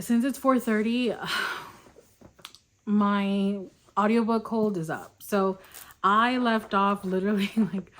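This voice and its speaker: A young woman chatting casually in a reading vlog, gushing and easily delighted. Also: medium pitch. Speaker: book vlogger.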